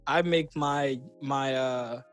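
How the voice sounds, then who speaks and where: A young man hosting a casual podcast chat, telling lively anecdotes and acting out the people in them. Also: mid-range voice, slow pace, faint music behind. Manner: animated storyteller, acts out voices in anecdotes. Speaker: podcast host.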